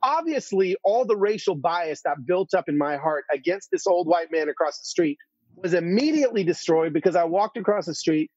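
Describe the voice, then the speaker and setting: A man's voice: high voice, expressive, moderate pace, a little mellow, slightly rough, no room sound, dull audio. A man as an interview guest, telling a story earnestly, full of restarts and asides.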